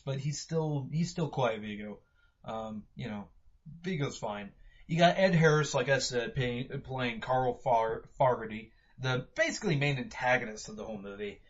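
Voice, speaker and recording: A man talks his way through a movie review, stopping and restarting with constant fillers. His voice is husky and mid-pitched. The recording sounds dull and lo-fi. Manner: rambling, many "you know" fillers and restarts. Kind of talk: casual spoken review.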